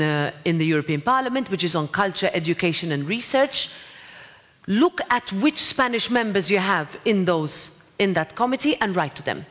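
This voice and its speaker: A woman's voice: lowish voice, a bit bright. A woman giving a speech and answering an audience, direct and encouraging, with asides to the crowd. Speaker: president of a parliament, guest speaker. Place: lecture hall. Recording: long hall reverb.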